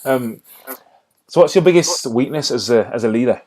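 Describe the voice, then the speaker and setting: A man's voice: mid-range voice, animated, normal speed, darkish tone, slight background noise. A man hosting a podcast, asking questions and murmuring short acknowledgments. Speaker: podcast host. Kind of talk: interviewing.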